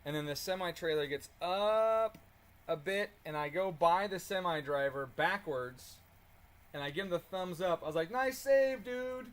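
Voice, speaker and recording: A man telling a story in a casual, animated way while working on a car, swearing freely and chuckling as he talks. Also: a little high, normal speed. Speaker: car tuning channel host.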